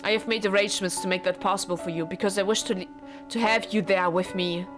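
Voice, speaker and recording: A woman's voice: mid-range voice, fairly even intonation, quick pace, music in the background, natural voice. A woman reading as a lovesick formal husband. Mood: pleading. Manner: formal, pleading dialogue read aloud. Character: lovesick wealthy young husband, earnest and formal. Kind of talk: reading visual novel dialogue aloud.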